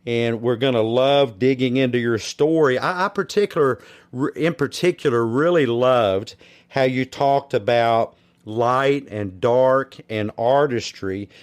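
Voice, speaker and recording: A man's voice: medium pitch, measured pace. A man with an American Southern accent hosting a podcast interview, talking in a folksy, chatty way. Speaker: podcast host.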